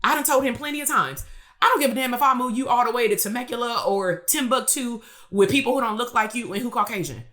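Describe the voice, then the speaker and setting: A business coach gives a motivational live-stream talk, telling a blunt, streetwise story and hammering her points home with rhetorical questions. Her voice is bright, forceful, and a little high, and she talks fast.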